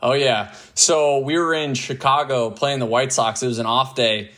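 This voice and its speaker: A pro ballplayer from the Tampa area chats loosely as an interview guest, laughing and using lots of fillers. His voice is medium-pitched and sharp, with fairly even intonation at normal speed.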